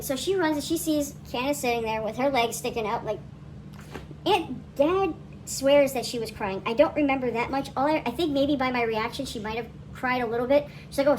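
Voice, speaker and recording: A woman co-hosting a podcast, retelling a childhood story in an excitable, dramatic way. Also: high-pitched, a little hiss or hum. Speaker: podcast co-host. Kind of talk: casual storytelling.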